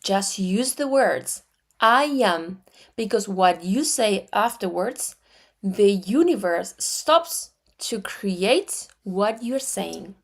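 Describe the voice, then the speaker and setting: A woman in her forties with an Argentine Spanish accent, teaching metaphysics in a slow, deliberate way with frequent restarts. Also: mid-range voice, lively intonation. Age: 40s. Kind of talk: spiritual teaching talk.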